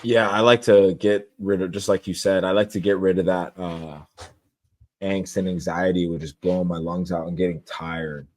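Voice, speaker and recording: Man, deep voice, even and flat delivery, young adult podcast guest, candid, casual. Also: moderate pace. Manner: relaxed, candid, rambling with restarts. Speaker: podcast guest, jiu-jitsu competitor. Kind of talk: casual interview talk.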